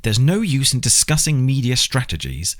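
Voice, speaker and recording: A man's voice: lowish voice, big pitch swings, fairly quick, pitched above the performer's own voice. A man reading an audiobook, voicing an anxious, earnest compliance officer who presses his point insistently. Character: anxious male compliance officer, expectant father.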